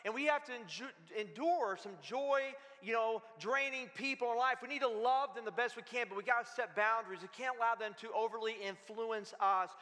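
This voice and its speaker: A man's voice: very high voice, a little fast, hardly any pauses, sharp tone. A man pastor preaching a sermon in an emphatic, conversational way, repeating his phrases. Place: church sanctuary. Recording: long church-hall reverb.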